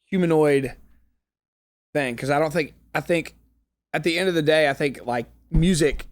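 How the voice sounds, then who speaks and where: A man's voice: a little high, normal speed, no echo. A man guesting on a podcast, a country songwriter who chats casually and restarts his sentences while he thinks aloud. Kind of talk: casual interview chat.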